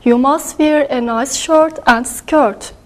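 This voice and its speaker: Woman student, high voice, plain simple phrasing. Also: slow. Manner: simple, helpful answers. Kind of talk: classroom practice dialogue.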